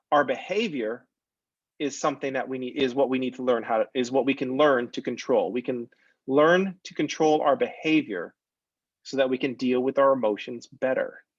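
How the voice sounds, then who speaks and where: A male math instructor teaches a recorded lecture in a casual, digressive way, joking as he goes. His voice sits in a middle pitch. The recording is dry and a little dull, with no room sound. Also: breathy edge, dry recording. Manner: conversational, digressive, jokey.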